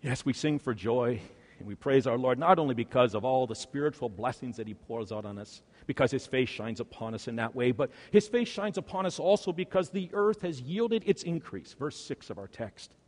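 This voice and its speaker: Pastor preaching in a reverberant church. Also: male voice, animated. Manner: swings between loud, slow emphatic peaks and quiet, low endings. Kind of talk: sermon. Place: church sanctuary. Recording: long hall reverb.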